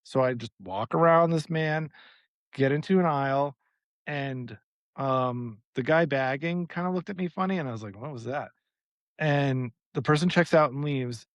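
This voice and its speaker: A man's voice: a little high, moderate pace, no echo, dull audio. Exasperated man telling a story. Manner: animated, exasperated storytelling with swearing. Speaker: podcast co-host. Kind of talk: casual storytelling chat.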